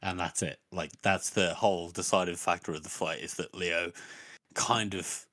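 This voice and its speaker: A man with a very low, deep voice gives his blunt, profanity-laced opinions in a casual podcast chat. The sound is dry and close. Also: fairly even intonation, normal speed, pushed and bright, no room sound. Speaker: podcast co-host. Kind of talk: casual book discussion.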